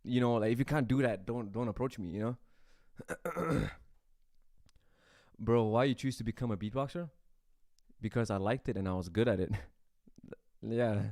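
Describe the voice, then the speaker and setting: A man's voice: mid-range voice, normal speed, long pauses, darkish tone, no room sound, clean studio sound. A man streaming live as a beatboxer, chatting casually with his viewers, laughing often and repeating words as he rambles. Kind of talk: casual livestream chat answering comments.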